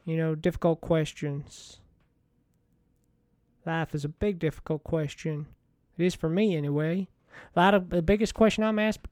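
A man in a rambling comedic monologue as a washed-up TV money-show host, folksy, meandering and deadpan. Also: fairly high pitch, moderate pace, dry recording.

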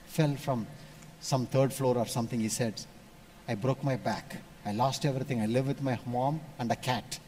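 A man from India, preaching a sermon and telling stories, switching between loud emphasis and hushed asides. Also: mid-range voice. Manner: storytelling, animated shifts between loud and hushed.

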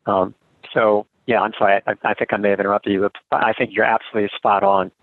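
This middle-aged guest expert on gender norms talks fast in a lowish, level voice during a conversational interview held by remote call. Earnest and thoughtful, he frequently starts his sentences over. The audio has a tinny phone-line quality and is dry, without echo.

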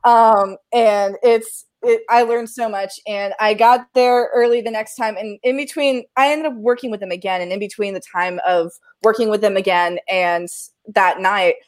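A woman with a mid-range voice tells a story in relaxed, conversational chat. She is animated and laughs often as she talks. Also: medium pitch, normal speed, few pauses. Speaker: live sound engineer telling a story.

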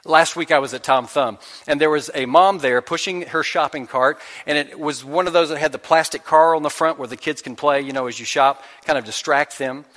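A man preaches from the pulpit in a church sanctuary, his slightly high voice carried by a long, ringing reverb. He talks to his congregation casually, telling stories and voicing their inner doubts. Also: a little fast, few pauses, fairly bright tone. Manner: conversational storytelling with acted-out inner voices. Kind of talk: sermon.

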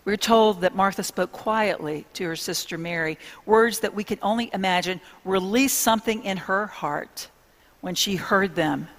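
A woman preaching a sermon, speaking to her listeners in an earnest, intimate way with hushed pauses. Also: mid-range voice, in a large hall.

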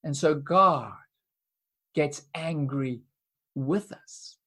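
Woman preacher, sermon delivery, emphatic with pauses, slow pace. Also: low-pitched, a bit bright, slightly rough. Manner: earnest, emphatic, with dramatic pauses and repeated words.

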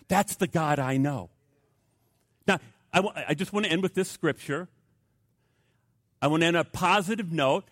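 An older male pastor delivers a sermon in a fairly high voice, telling stories with lively emphasis and then dropping to hushed, quiet passages. The sound is dry and close, with no room echo. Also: normal speed, pauses often. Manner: animated storytelling, swinging from loud emphasis to hushed tones.

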